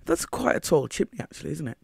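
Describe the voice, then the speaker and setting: A man's voice: a little high, sing-song, quick pace, gravelly, a little mellow, husky, no room sound, clean studio sound. A man giving casual commentary over his own game footage, rambling and thinking aloud as he goes.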